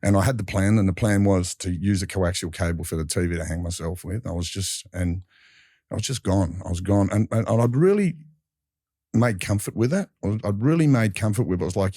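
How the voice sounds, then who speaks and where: An Australian man with a deep, mellow voice recounts his past in a candid interview. He rambles through his story with restarts and colloquial turns of phrase, often acting out what others said. The sound is dry and close. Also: a little fast, dry recording. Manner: rambling with frequent restarts and fillers; colloquial, acts out others in dialogue. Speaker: guest telling his life story.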